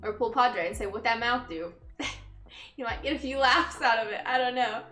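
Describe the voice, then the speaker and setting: A woman's voice: fairly high pitch, fairly even intonation, a little fast, bright, forceful tone, faint music behind. A young woman streaming casually, chatting with viewers, laughing often and greeting them upbeat. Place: empty room, indoors. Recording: echoey empty room.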